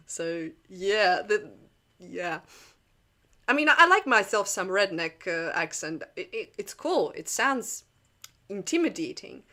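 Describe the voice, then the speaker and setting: A woman's voice: mid-range voice, a bit bright. A young woman hosting a casual livestream chat, rambling with jokey asides and frequent laughs. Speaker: channel host.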